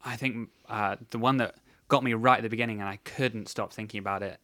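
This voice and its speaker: A man talking casually and thoughtfully about a film, with frequent pauses and fillers. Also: lowish voice, steady tone, a bit bright, low-quality recording. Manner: thoughtful, hesitant, many fillers.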